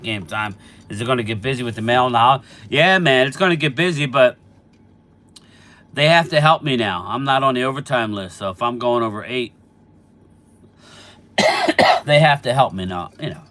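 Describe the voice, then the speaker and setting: A middle-aged man, somewhat stuffy with allergies, hosts a casual football live stream, chatting along and replying to viewers by name. His mid-range voice sounds pushed and bright.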